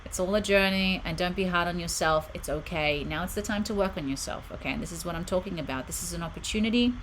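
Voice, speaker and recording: A woman's voice: on the low side, fast talker, background noise. A middle-aged woman hosting a live stream, giving reassuring relationship advice and reading viewer comments aloud. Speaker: spiritual channel host.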